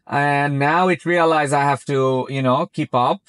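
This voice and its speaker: A man who isn't a native English speaker chats casually while driving, commenting on his car's self-driving feature and frequently using "very" and "like." His voice is a little high, smooth and fairly bright, with fairly even intonation and a slightly slow pace; the moving-car recording has no echo.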